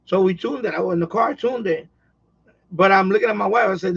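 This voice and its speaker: A man's voice: sits high, brisk, gravelly, fairly bright tone, slightly rough, lo-fi sound. A man chatting casually on a live stream at home, rambling and repeating himself with lots of fillers. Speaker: radio hobbyist live streamer. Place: at home, quiet house.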